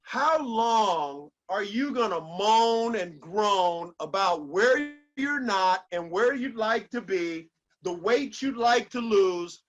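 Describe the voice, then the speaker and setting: A man's voice: high voice, fairly bright tone. A man giving a motivational speech with an emphatic, preacher-like cadence and lots of repetition. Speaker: motivational speaker.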